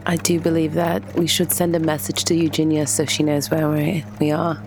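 A woman playing a tabletop game, speaking in character with measured, formal phrasing. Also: deep voice, level tone, darkish tone, soft background music. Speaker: player. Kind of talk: in-character role-play.

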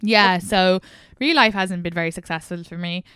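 A young Irish woman hosting a podcast, telling lively stories, laughing often and swearing freely. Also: lowish voice, moderate pace, clear, resonant tone, no echo, studio quality. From Ireland. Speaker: podcast host. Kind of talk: casual chat.

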